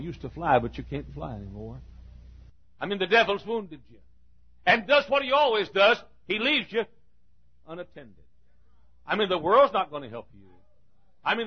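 Husky-voiced guy preaching hard to a big room, goes soft then yells, muffled old tape sound. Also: medium pitch. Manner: impassioned, swinging from hushed to shouting. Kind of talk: sermon. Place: large congregation room. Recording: dull lo-fi recording.

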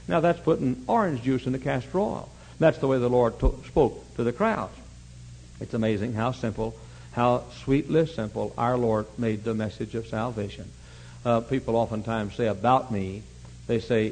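A man preaching a sermon, telling folksy stories and swinging from quiet asides to shouting. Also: medium pitch, moderate pace, husky, rough recording. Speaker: pastor.

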